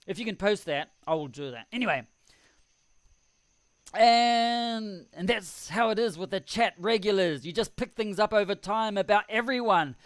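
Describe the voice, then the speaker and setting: High-voiced rambling New man. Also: expressive, normal speed, no echo. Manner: rambling, chuckling, self-deprecating. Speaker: live-stream host reading chat. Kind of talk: casual live-stream chat. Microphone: desk microphone.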